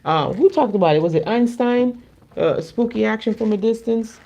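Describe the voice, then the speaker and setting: A woman from the Caribbean co-hosting a livestream, chatting casually and reading cards in an animated, playful way. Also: on the high side, normal speed. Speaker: co-host and card reader.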